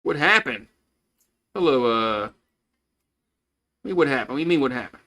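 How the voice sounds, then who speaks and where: A man giving casual live play-by-play for a baseball game, chatty and loose, greeting viewers between pitches. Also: lively intonation, normal speed, sharp tone, rough recording. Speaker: play-by-play commentator.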